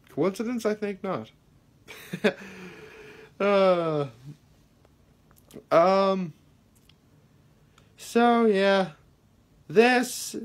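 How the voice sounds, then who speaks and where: A man with a noticeably high voice rambles through his daily vlog, circling back with fillers and restarts. He sounds earnest and a little self-deprecating, talking straight to his viewers. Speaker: daily vlogger. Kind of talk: casual daily video talk.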